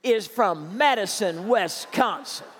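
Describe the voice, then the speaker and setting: A man's voice: high voice, animated, slow pace, a bit bright, full character voice. A man voicing an easygoing male grocery store manager who talks in a matter-of-fact way. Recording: echoey hall reverb.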